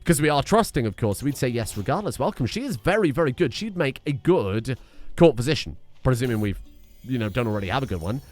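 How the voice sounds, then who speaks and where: A man's voice: medium pitch, lively intonation, brisk, darkish tone, faint music behind. A man giving casual commentary while playing a strategy game, rambling with wry, self-deprecating asides. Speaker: video game streamer. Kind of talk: casual let's-play commentary.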